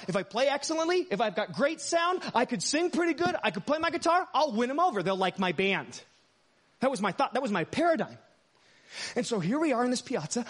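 High-voiced man preaching. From United States. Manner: dynamic, swings from hushed asides to loud emphatic lines. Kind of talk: storytelling sermon.

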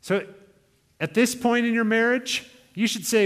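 A young male pastor with a very high-pitched, slightly bright voice preaches unhurriedly to his church. His sermon is earnest and exhorting, with quoted asides, and the church hall adds a long reverb.

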